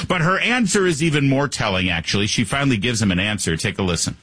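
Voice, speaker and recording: A man hosting a talk radio show, delivering an opinionated, sarcastic monologue and jumping up in pitch when he mocks someone. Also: sing-song, fast, a bit bright, slightly rough, no room sound. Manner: sarcastic, pitch jumps high when mocking.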